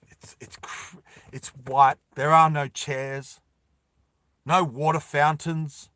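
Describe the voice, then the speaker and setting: A man telling a dramatic story slowly and deliberately, with emphatic repetition. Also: on the high side, level tone, pushed and bright, clean tone, no room sound. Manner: slow deliberate with emphatic repeats.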